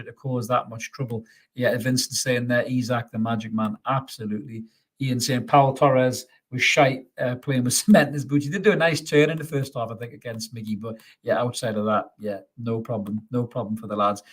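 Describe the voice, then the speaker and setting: A man hosting a live post-match fan stream, reading out viewer comments and chatting back, upbeat and calling everyone mate, often stumbling over repeated words. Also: mid-range voice. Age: adult father. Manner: stammers and repeats words when excited. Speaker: fan channel host.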